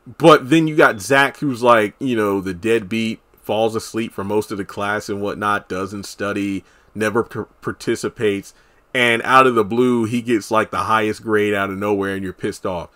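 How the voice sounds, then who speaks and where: A man casually recapping a TV episode as a solo reviewer, chatty and animated, acting out characters' lines. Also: fairly low pitch, normal speed. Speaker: TV show reviewer.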